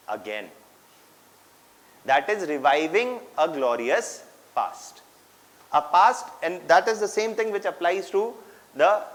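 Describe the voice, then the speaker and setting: A man's voice: a little high, low-quality recording. A man with an Indian English accent giving a history lecture, slipping in Hindi phrases and asking his class rhetorical questions that he answers himself.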